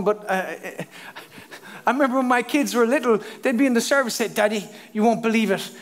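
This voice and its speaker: A middle-aged man preaching a sermon as a pastor, telling stories with lively acted voices and asides to the congregation. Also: high-pitched.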